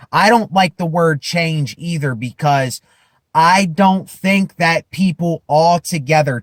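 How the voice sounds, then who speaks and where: A man with a high, light voice talks slowly and deliberately in a self-help vlog. He repeats phrases for emphasis and builds to loud declarations. The sound is dry and close. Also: dry recording. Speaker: vlogger. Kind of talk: impassioned self-help monologue.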